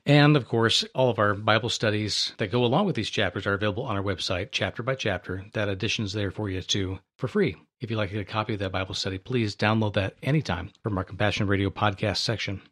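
A man's voice: lowish voice, fast, hardly any pauses, a bit bright. A man hosting a listener-supported radio ministry, reading a donation appeal and a Bible paraphrase.

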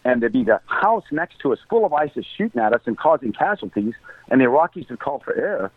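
Over a tinny, phone-like line with no echo, a middle-aged American humanitarian aid worker tells a story as an interview guest. His medium-pitched voice is very animated, fast and a bit breathy, and he speaks earnestly and devoutly, even praying aloud.

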